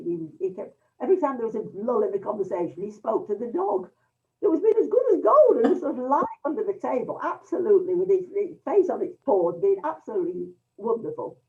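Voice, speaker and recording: A woman's voice: medium pitch, big pitch swings, brisk. An older woman from England telling a rambling anecdote to her history group over a video call, with many restarts and fillers. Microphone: computer mic on a video call. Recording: tinny distant video-call audio.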